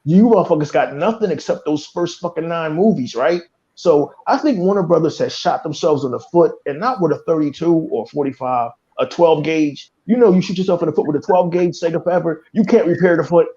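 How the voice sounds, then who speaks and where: Picture a male podcast host on a furious, cursing tirade, hammering the same points again and again. His voice is high-pitched with a dark, mellow timbre. The audio is muffled and lo-fi. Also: fairly quick. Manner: fiery, cursing, repeats himself. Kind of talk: heated profane rant.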